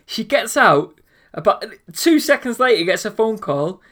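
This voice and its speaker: A man telling anecdotes in a casual chat, animated and acting out the voices of people in his stories. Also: high voice, moderate pace.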